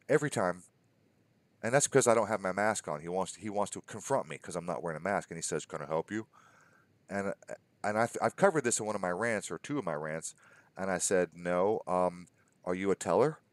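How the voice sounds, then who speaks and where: Low-voiced man telling exasperated stories. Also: no room sound. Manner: storytelling, quoting others in mock dialogue, exasperated. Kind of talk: casual conversation.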